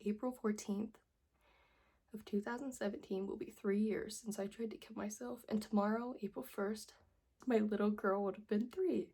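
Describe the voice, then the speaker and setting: A woman's voice: mid-range voice, steady tone, normal speed, dark tone, slightly rough. A young woman telling her personal story in a vlog, emotional and earnest, tearful as she pleads with viewers. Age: young adult. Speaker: vlogger.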